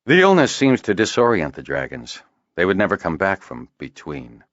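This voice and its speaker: Man doing a worn-out deadpan healer, deep voice, muffled dry audio. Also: normal speed, no echo, heavily acted. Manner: tired, terse, matter-of-fact. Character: weary, dry-humored male healer. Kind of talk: audiobook character voice.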